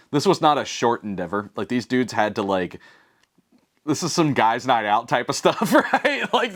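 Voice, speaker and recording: A man who is a pastor, reading scripture and then reflecting on it in a casual, conversational way, with many fillers and bits of slang. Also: mid-range voice.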